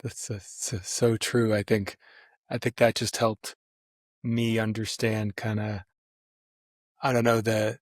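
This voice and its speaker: A man hosting a podcast interview, speaking in a hesitant, reflective, halting way. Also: on the low side, little pitch movement, no room sound, clean studio sound. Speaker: podcast host.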